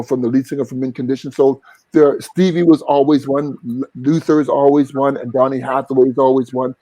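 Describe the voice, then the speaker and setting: Male singer-guest, earnest and reflective, mellow tone, dry studio. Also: mid-range voice, dry recording, poor audio. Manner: earnest, reflective, sings short vocal examples. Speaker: singer and vocal coach, guest. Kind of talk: casual interview talk.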